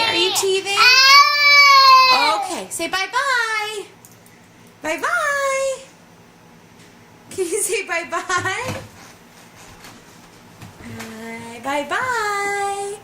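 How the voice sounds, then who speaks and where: A woman coaxing a baby at home in slow, high, sing-song baby talk. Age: adult. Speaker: parent talking to a baby. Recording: echoey room with background noise.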